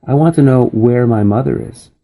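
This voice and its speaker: A man's voice: mid-range voice, moderate pace, creaky, dark tone, pitched above the performer's own voice. An insistent young girl, as a man puts her on. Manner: earnest, insistent. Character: determined, blunt young girl.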